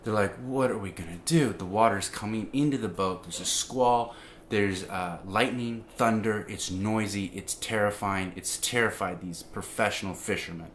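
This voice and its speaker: A man giving an informal, conversational sermon, full of restarts and fillers, growing animated as he tells the story. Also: fairly low pitch, normal speed, few pauses, a little hiss or hum. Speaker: preacher.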